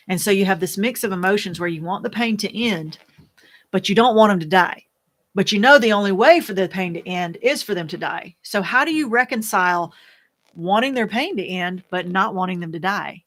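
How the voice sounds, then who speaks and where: A woman, a widow, talking candidly to the camera, soft-spoken and earnest, halting and searching for words with many fillers. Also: mid-range voice. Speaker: widow sharing her experience. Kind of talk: candid personal talk to camera.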